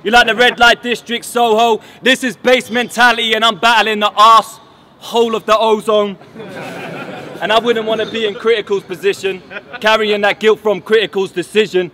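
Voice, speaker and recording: A man's voice: sits high, level tone, normal speed, pushed and bright. A man from England delivering mocking, boastful battle rap punchlines outdoors. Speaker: battle rapper. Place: outdoors at a battle event under a bridge.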